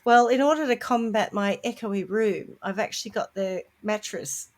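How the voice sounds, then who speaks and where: A woman's voice: mid-range voice, normal speed. A woman hosting a casual podcast chat, recovering from an illness, talking easily and laughing often from a home room padded with bedding. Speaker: podcast host. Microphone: home podcast mic.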